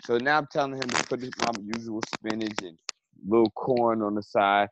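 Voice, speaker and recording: A man's voice: mid-range voice, a little fast. A man in casual conversation who tells a story with energy and acts out both sides of an argument. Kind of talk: casual chat. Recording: slightly dull, faint background noise.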